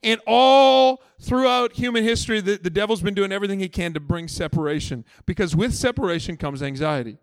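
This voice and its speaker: A pastor delivering a sermon to his congregation in an earnest, emphatic way. His man's voice sits a little high. The sound is close and dry, with little room in it. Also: brisk, hardly any pauses, no echo. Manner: earnest, emphatic preaching with conversational asides. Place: church service.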